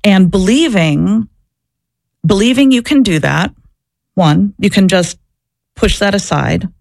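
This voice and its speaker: A woman's voice: medium pitch, animated, slow pace, gravelly, darkish tone, no room sound, studio quality. A woman and former social worker answering interview questions, telling her story in an earnest, reflective way. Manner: earnest, reflective, searching for words.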